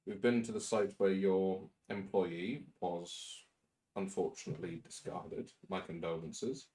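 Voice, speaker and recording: A man's voice: low voice, fairly even intonation, measured pace, warm tone. A man playing a tabletop game, chatting and joking with the table. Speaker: player. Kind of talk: casual tabletop play.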